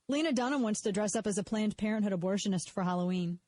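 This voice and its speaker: A woman talks on live radio in a loose, sarcastic way. She keeps cutting herself off, repeating words as she restarts her thoughts. Her voice sits at a middling pitch and is picked up close and dry in the studio, with no room sound. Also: quick pace, a little mellow, dry recording. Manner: sarcastic, mocks others in put-on voices; self-interrupting, repeats words when restarting. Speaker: radio show host. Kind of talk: casual talk radio monologue.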